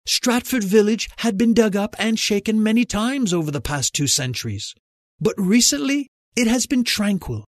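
Audiobook figure: man reading a brisk German woman digger, higher voice, dry read. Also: lively intonation, dry recording. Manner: brisk, pointed, teasing. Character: German woman archaeologist, confident and direct.

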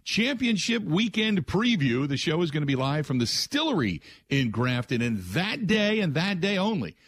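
A man hosting a sports talk radio show, talking in an animated, rhetorical way from a studio and mocking the answers he expects to hear. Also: fairly high pitch, normal speed.

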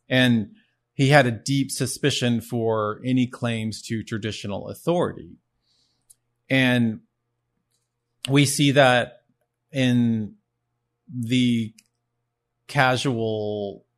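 Earnest man talking philosophy. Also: mid-range voice. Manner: earnest, repeats words as he thinks. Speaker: show host. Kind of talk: solo talk on philosophy.

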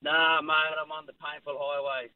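A man from Ireland calling a radio show from his car, relaxed and friendly, heard over a tinny phone line. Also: a little high, normal speed, no room sound. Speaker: caller.

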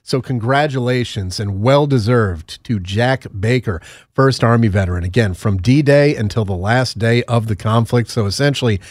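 Man, podcast co-host, rambling storyteller, mid pitch, dry close sound. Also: moderate pace, a little mellow, no room sound. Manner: rambling, joking anecdotes. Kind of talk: casual chat.

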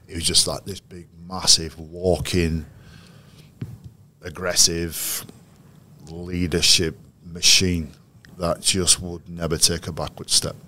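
A man with a very low, deep voice recalls his players in an unhurried interview. He speaks as a coach, measured and anecdotal, often restarting his sentences as he thinks. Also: level tone, sharp tone. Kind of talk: interview storytelling.

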